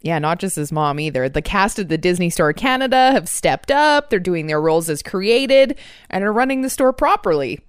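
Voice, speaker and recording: Smooth-voiced woman giving a mock news report. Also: fairly low pitch, sing-song, normal speed, no echo, clean studio sound. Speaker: comic field reporter. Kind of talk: comic in-character banter.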